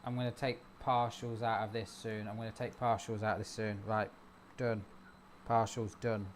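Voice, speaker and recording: A man hosting a live stream, chatting casually and cheering on his trades out loud. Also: on the low side, flat delivery, moderate pace, slight background noise. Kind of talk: casual chat.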